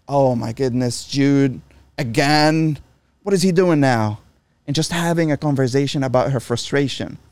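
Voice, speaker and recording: A man's voice: a little high, a little mellow, no room sound. A middle-aged man in casual chat, talking bluntly with lots of swearing and restarts. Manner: blunt and profane, frequent restarts.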